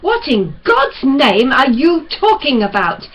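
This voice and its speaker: A woman reading the lines of a stern, domineering older father who grows forceful when pressed, at a slow pace. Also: high-pitched, big pitch swings, husky, exaggerated voice, low-quality recording. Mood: outraged.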